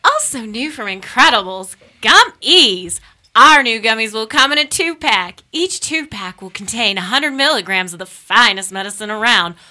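A woman's voice: on the high side, sing-song, normal speed, bright, forceful tone, heavily acted. A woman co-host reading a radio sponsor ad in a chirpy announcer style with a slight Southern twang. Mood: upbeat.

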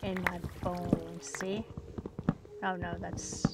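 A woman's voice: fairly low pitch, little pitch movement, slow pace, vocal fry. A woman casually commenting on her own gameplay, chatting to herself and the game and slipping into whispers. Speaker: gaming video host. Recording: loud background music.

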